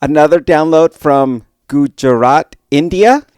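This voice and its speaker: A man's voice: on the high side, a little slow, a little mellow, smooth, no room sound, clean studio sound. A man co-hosting a podcast in casual chat, playful and goofy. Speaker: podcast co-host.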